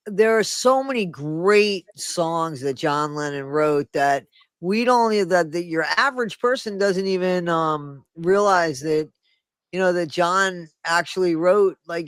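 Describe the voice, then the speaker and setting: A man's voice: sits high, fairly bright tone, clean tone, dry recording. A man in his sixties co-hosting a candid talk show, telling personal memories with emphatic, cursing, interrupting talk. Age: 60s. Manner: emphatic, interrupts, swears casually. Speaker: podcast co-host. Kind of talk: candid conversational storytelling.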